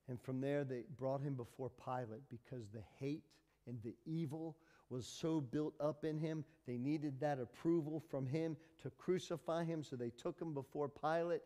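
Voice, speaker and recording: A man preaching a sermon as pastor, dramatic and swinging from loud to hushed. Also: mid-range voice, steady tone, unhurried, in a large hall. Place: church hall.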